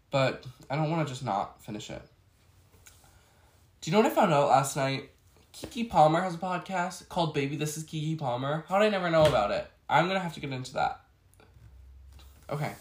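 A man with a stuffy, cold-clogged voice, telling a work story in a chatty, exasperated vlog ramble. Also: medium pitch. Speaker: vlogger. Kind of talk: casual storytelling chat. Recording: echoey room.

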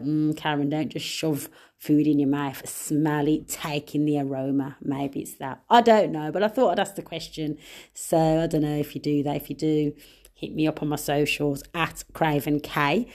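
A young woman chats on her own podcast in a loose, friendly way. She throws in playful asides and laughs often. Her voice sits a little low for a woman. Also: darkish tone. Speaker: podcast host. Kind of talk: casual solo podcast chat.

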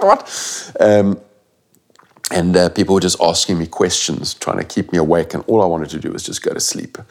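A middle-aged man tells a gripping personal story in an interview. His voice sits very low, and he talks bluntly and earnestly, dropping the odd swear word and restarting his sentences. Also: a little mellow. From South Africa. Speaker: guest.

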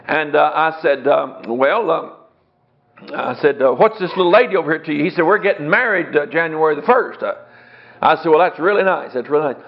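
A man's voice: on the high side, vocal fry. A middle-aged man, a Bible teacher telling a folksy story in a sermon, chuckling as he acts out the dialogue. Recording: dull lo-fi recording.

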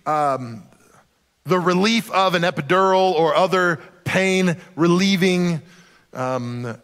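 A man's slightly high, somewhat bright voice echoes with long hall reverb. He's a pastor preaching a sermon, conversational and joking, at times acting out the voices he quotes.

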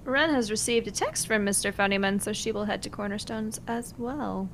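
A woman's voice: mid-range voice, normal speed, slight background noise. A woman running a tabletop game, answering players in a dry, teasing way.

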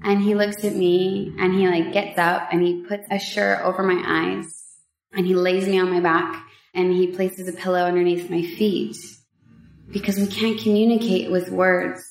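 A woman on a vlog, telling a personal story in a casual, heartfelt way, with emotional pauses and many fillers. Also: lowish voice, level tone, creaky, echoey room. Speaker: vlogger sharing a personal story.

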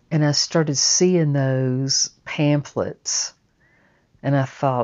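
A woman telling a personal story in a slow, reflective, drawling way. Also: very deep voice, fairly even intonation, dark tone. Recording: slightly dull lo-fi recording.

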